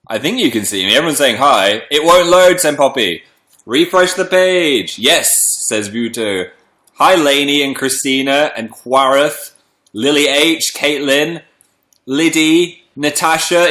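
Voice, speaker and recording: A man's voice: on the high side, animated, unhurried, a bit bright, roomy sound. A young man casually chatting on a livestream, greeting viewers by name, a little congested from a cold. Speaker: livestream host.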